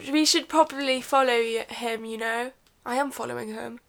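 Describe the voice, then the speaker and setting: A woman's voice: on the high side, moderate pace, vocal fry. A woman co-hosting a podcast, giggly, reading listener messages aloud in casual chat. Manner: giggly, reads comments aloud. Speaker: podcast co-host.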